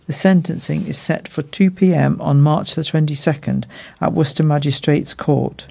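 A man reading a court news report in a measured, formal way. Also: fairly high pitch, steady tone, creaky, darkish tone. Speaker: news reader.

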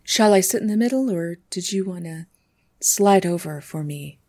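A woman's voice: lowish voice, lively intonation, normal speed, dark tone. A woman voicing a gracious older actress who speaks in a genteel, formal way.

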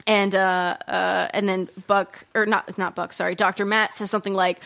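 A woman's voice: mid-range voice, flat delivery, moderate pace, vocal fry, hardly any pauses, a bit bright. Woman, podcast co-host, casual, chatty, quotes characters. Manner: chatty, laughs while retelling scenes. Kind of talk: casual chat recapping a TV episode.

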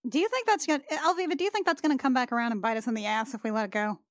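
A woman with a high voice jokes and teases the other players at a tabletop game. She sits well above the usual range. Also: very fast. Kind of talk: tabletop role-play.

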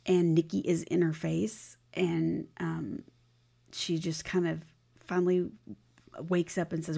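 A woman's voice: lowish voice, little pitch movement, a little slow, gravelly, mellow. A woman podcast host casually retelling a TV episode scene by scene, with frequent fillers and the odd drop into a whisper. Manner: storytelling recap with many fillers, drops into a whisper at times.

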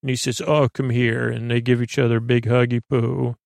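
A man's voice: mid-range voice, little pitch movement, fairly quick, creaky, darkish tone, no echo, studio quality. A man hosting a sleep podcast, loosely retelling a TV episode in a meandering way with many filler words. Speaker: podcast host.

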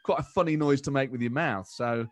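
A man from the of England, a comedian chatting as a guest, animated and quick to restart his sentences. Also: medium pitch. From Nottingham, England. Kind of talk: casual interview chat.

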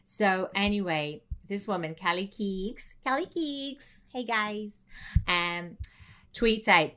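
A woman co-hosting a podcast, telling a story with lively, swearing, laughing comedic chat. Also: medium pitch, takes it slowly. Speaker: podcast co-host.

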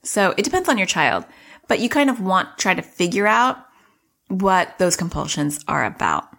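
A woman's voice: on the low side, sing-song, moderate pace, vocal fry. A middle-aged woman hosting a parenting podcast, explaining things in a chatty way and acting out what kids say. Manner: warm explaining, acts out child voices. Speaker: podcast host, parenting coach. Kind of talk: casual podcast teaching.

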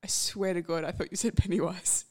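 A woman's voice: on the low side, fairly even intonation, brisk. A woman co-hosting a podcast in casual chat, teasing her co-host with dry, sweary remarks.

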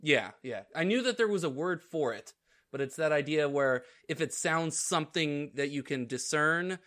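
A man's voice: fairly high pitch, animated, moderate pace, a bit bright. A man co-hosting a podcast, explaining things casually with hesitations and fillers.

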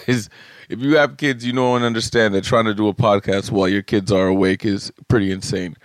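A man's voice: fairly low pitch, dry recording. Man, podcast host, comic storytelling, casual swearing, dry sound. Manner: animated, jokey, swears casually. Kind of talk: comedic storytelling monologue. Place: home studio room.

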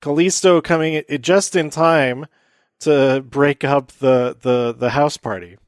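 A man's voice: a little high, fairly even intonation, slow pace, no echo, clean studio sound. A man hosting a casual solo recap, rambling with many fillers and laughing at his own jokes. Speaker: podcast host recapping wrestling.

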